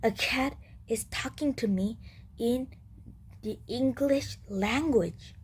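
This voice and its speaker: A woman's voice: a little high, slow pace, husky, voice pushed up, exaggerated voice. A woman reading aloud as a stubborn, disbelieving old grandmother in a children's book. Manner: reading a grandmother's dialogue aloud in a slightly raised voice.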